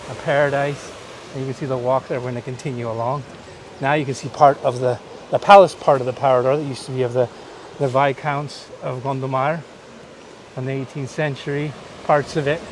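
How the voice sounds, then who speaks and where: A man's voice: mid-range voice, flat delivery, brisk, a little hiss or hum. A Canadian-raised man hosting a live-streamed walking tour outdoors on a coastline, chatting and pointing out the sights as he walks. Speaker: host.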